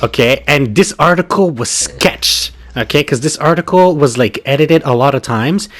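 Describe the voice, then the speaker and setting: A man spins a story in loose, profane conversation. His pitch leaps up and down, and he breaks into laughter. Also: normal speed. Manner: animated, laughs a lot, swears casually. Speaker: podcast co-host. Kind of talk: casual storytelling chat.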